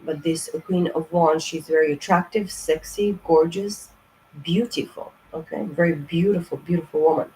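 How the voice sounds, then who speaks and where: A woman's voice: deep voice, moderate pace, darkish tone, poor audio. A woman talks through a tarot reading in a loose, casual way, full of fillers and restarts. She is blunt and swears freely as she drives her points home. Faint ambient noise sits behind her voice. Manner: blunt, profane and emphatic; rambling, with many fillers. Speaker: tarot reader.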